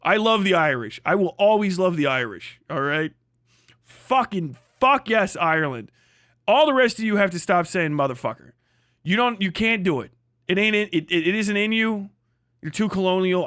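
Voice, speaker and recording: A man's voice: sits high, lively intonation, moderate pace, a bit bright, dry recording, clean studio sound. An American man on a casual livestream, ranting in a rambling, profane way and laughing often. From United States. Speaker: livestream host.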